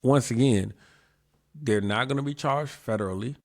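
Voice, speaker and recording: A man's voice: medium pitch, normal speed, gravelly, no echo, studio quality. A man hosting his own show, giving casual commentary in an emphatic way, repeating his points and asking rhetorical questions. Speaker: show host.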